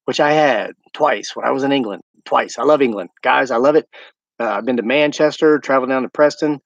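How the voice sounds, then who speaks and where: A man's voice: medium pitch, a little fast, vocal fry, no room sound. An American man hosting a casual homesteading livestream at night outdoors, chatting and rambling to his live viewers. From United States.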